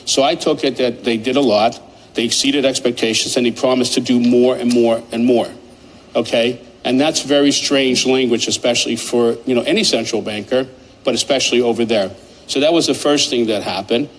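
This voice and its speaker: A man talks through market analysis in an animated, rambling way, pressing his points hard. His voice sits at a middling pitch. Faint noise runs underneath. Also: a little fast, low-quality recording. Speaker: market commentator.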